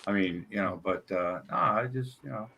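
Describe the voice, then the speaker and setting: A laid-back man with a Southern US drawl chats loosely among friends, his voice carrying a gravelly edge and a bright, forward tone. He drifts through fillers and half-finished thoughts. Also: fairly low pitch, normal speed. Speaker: group voice chat member. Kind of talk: casual chat.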